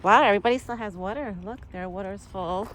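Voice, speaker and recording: Brisk and mid-range in voice, a young vlogger chats casually while filming herself with her phone on an outdoor trail. She feeds a wild deer and addresses it sweetly, all captured in a noisy outdoor phone recording.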